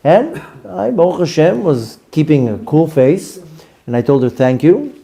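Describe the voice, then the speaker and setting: A man, a rabbi telling a lively story to his class and acting out his own reactions. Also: on the high side, measured pace, creaky. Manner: animated, acts out his own reactions in quotes.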